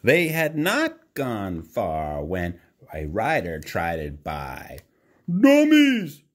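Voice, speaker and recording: A man reads a children's storybook aloud at an unhurried pace. His pitch swings widely as he tells it. He stops to ask the child questions about the pictures. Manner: slow, lively read-aloud, voices for the characters, chats with the child. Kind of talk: reading a picture book aloud.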